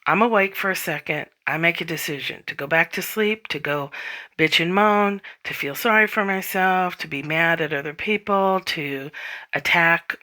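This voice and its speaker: A woman's voice: on the low side, moderate pace, sharp tone. A woman hosting a spiritual self-help podcast, talking casually and bluntly, swearing freely and acting out inner voices. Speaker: podcast host.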